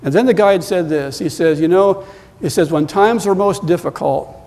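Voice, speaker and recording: Guy pastor with a high voice, storytelling sermon, big reverby church hall. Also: moderate pace, darkish tone. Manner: storytelling, rising in pitch and volume when emphatic. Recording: long reverb of a large hall.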